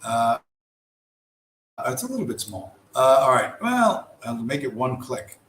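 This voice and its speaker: A man's voice: mid-range voice, very animated, measured pace, a bit bright. A man hosting a casual livestream, talking in a rambling, profane way with many restarts. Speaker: livestream host. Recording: echoey room with faint background noise.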